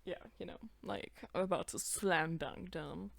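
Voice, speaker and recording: A woman's voice: fairly low pitch, unhurried, creaky, no echo. A young woman casually reacting to her own old videos, swearing, laughing and putting on voices for the characters.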